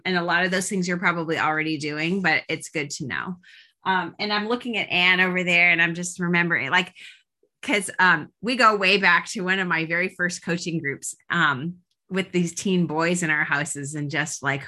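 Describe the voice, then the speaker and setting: Chatty woman coach, bright voice. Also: lowish voice, normal speed. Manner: chatty, many fillers and restarts. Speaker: parenting coach leading a group. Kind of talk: casual group coaching talk.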